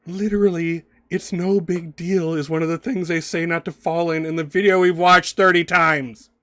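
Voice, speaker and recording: A man's voice: mid-range voice, lively intonation, moderate pace, no room sound, studio quality, lightly acted. A man voicing a dramatic teenage girl lecturing her brother in an exaggerated, theatrical way. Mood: preachy. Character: dramatic teenage girl, bossy little sister.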